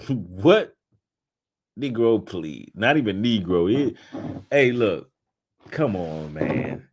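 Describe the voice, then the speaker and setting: A man commentating on video clips in a casual, mocking way, swinging between low mutters and loud outbursts. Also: big pitch swings, takes it slowly, breathy edge.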